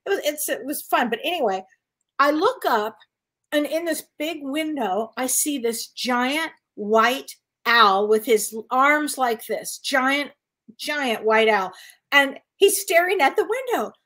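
Woman co-host, high voice, animated anecdotal delivery with frequent laughter. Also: measured pace. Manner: lively, laughs often, acts out dialogue. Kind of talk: casual chat, animated storytelling.

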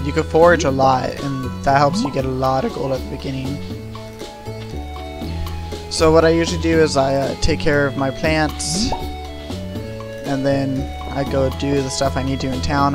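A young gameplay video creator offers relaxed, rambling let's-play commentary full of fillers. His voice is medium in pitch and moderately paced, recorded at home with the game music coming through clearly.

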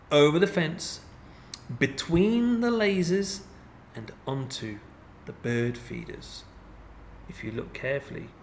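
A man reading a children's picture book aloud in an expressive, playful storytelling manner. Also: medium pitch, slight background noise. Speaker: storybook reader.

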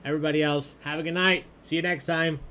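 A man's voice: a little high, fairly even intonation, fast, sharp tone, slight background noise. A man hosting an online trivia game, reading out questions and answers in a jokey, chatty way. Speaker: trivia host. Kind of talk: live-streamed trivia hosting.

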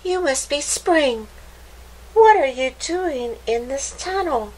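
A woman voicing an eager young male bunny in a storybook, excitable and curious, with a bright bouncy delivery. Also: sits high, takes it slowly, voice pushed up, poor audio. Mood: excited.

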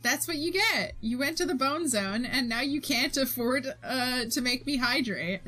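A woman's voice: high voice, animated, a little slow, bright, forceful tone, faint music behind. A young woman streamer chatting casually with her viewers while she draws, giggling often and reading their messages aloud. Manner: giggly, reads chat aloud, bubbly. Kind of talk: casual chat while drawing.

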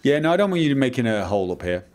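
A man's voice: medium pitch, sing-song, racing, darkish tone, a little hiss or hum. A man from Manchester with a Mancunian English accent, rambling theatrically while commentating a video game he plays. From Manchester, England. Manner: theatrical, exclaiming inflections. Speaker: Let's Play host.

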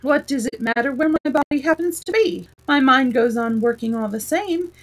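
A woman voicing a rambling, eccentric old male knight inventor who explains his ideas slowly and earnestly. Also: high-pitched, animated, pitched above the performer's own voice, low-quality recording. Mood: proud.

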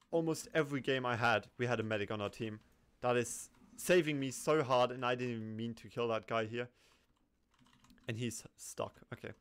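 A man narrating his match as he plays, chatty and jumpy, dropping to quiet mutters under his breath and then bursting out when danger appears. His pitch sits in an ordinary middle range, and faint keyboard clicks are heard behind him. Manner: excitable, swings from muttering to yelping and laughing. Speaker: gaming commentator. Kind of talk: live gameplay commentary.

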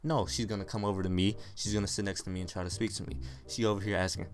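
A man's voice: lowish voice, little pitch movement, very fast, a little hiss or hum. A young man, a gaming YouTuber, telling a rambling, slangy comic story over gameplay.

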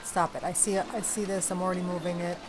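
A woman giving casual commentary on a horror game she is playing at home, excitable and talking straight to her viewers with plenty of swearing. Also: lowish voice, quick pace. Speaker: let's play gamer. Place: home room. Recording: game music behind voice.

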